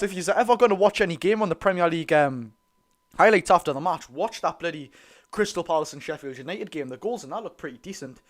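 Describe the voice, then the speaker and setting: A man with a Geordie accent chatting excitedly to his viewers during a live football watch-along. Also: a little high, quick pace. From North East England. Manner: chatty, excitable, keeps addressing the lads. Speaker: football fan streamer.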